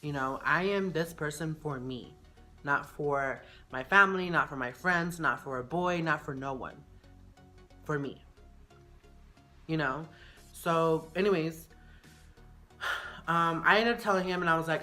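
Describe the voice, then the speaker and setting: A woman's voice: deep voice, measured pace, long pauses, bright, forceful tone, faint music behind. A young woman telling a personal story in a casual, frank way, full of "you know" and "like".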